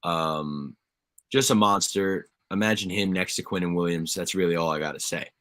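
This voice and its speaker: A man's voice: low voice, moderate pace, a bit bright, no echo, clean studio sound. A young man co-hosting a casual sports chat, passionate and pleading as a fan. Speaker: podcast co-host.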